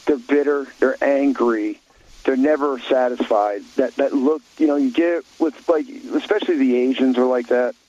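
A blunt, opinionated man holds forth on a talk radio show, rambling and restarting his sentences as he goes. His voice sits at a middle pitch. The sound is dull and lo-fi, like an old radio broadcast. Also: moderate pace, dark tone.

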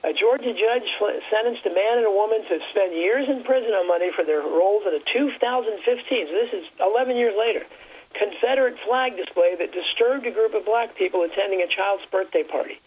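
On talk radio, a man with a high-sitting voice chats casually, rambling, halting, and restarting his sentences again and again. The recording is lo-fi, with slight background noise.

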